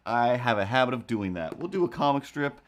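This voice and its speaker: A man's voice: medium pitch, lively intonation, a little fast. A man hosting a casual live stream, rambling and joking as he talks to his chat.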